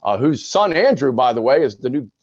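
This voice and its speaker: A man's voice: mid-range voice, big pitch swings, fairly quick, darkish tone, no room sound. A man in his sixties, a retired sports broadcaster, frankly telling his own story as a podcast guest. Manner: frank, conversational, with many restarts. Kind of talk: candid personal storytelling. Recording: dull lo-fi recording.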